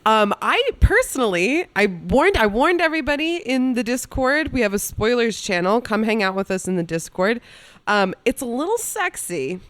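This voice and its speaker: A woman co-hosts a podcast in easygoing chat. Her voice sits a touch high and moves constantly up and down. She talks in an excitable, expressive way. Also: normal speed. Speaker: podcast co-host.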